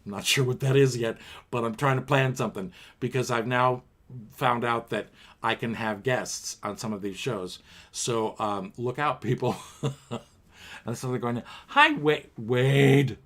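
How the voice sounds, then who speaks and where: In his home apartment, a man hosts a piano bar livestream, performing show tunes and playfully reading out viewer comments. He speaks in a mid-range voice with fairly even intonation and a slightly slow pace.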